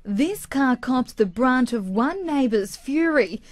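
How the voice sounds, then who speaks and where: Australian female reporter, news voice-over, slightly high voice. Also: expressive, slow. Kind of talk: scripted news narration.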